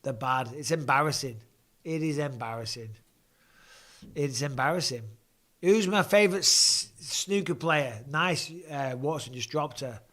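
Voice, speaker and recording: Chatting with viewers from home, this English-accented host in his forties gives relaxed fight commentary, cursing casually and reading out questions in a blokey manner. He speaks unhurriedly in a mid-range, slightly bright voice.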